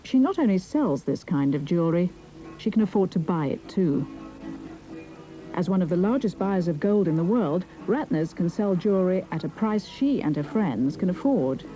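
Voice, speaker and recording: Woman, documentary narrator, scripted, very dark mellow tone, low-pitched, soft music underneath. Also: expressive, moderate pace, rough recording.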